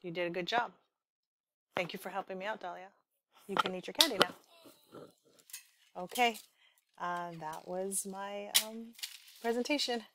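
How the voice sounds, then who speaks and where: A woman runs a speech therapy practice session, her voice sitting in a middle register. She coaches patiently, models each sound slowly and keeps giving encouragement. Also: medium pitch, heavy background noise. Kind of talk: demonstration therapy session with a child.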